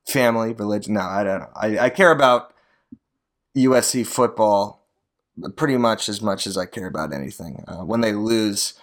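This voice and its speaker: Guy from arizona doing a solo podcast, kinda low voice, rambly and sarcastic, cusses a lot. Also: normal speed. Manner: rambling, profane, sardonic. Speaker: podcast host, real estate agent. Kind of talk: casual solo podcast monologue.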